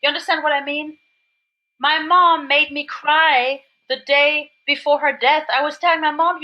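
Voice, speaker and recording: A woman's voice: high voice, muffled recording. A woman from Germany with a German accent, a podcast guest speaking English as a second language, telling her story with enthusiasm and many restarts. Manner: enthusiastic, rapid restarts and repeats. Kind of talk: animated recovery talk.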